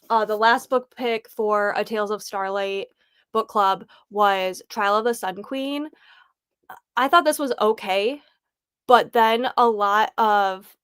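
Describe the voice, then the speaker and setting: A woman's voice: on the high side, clean tone, no echo, clean studio sound. A woman hosting a casual livestream, chatting and rambling as she thinks aloud. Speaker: livestream host.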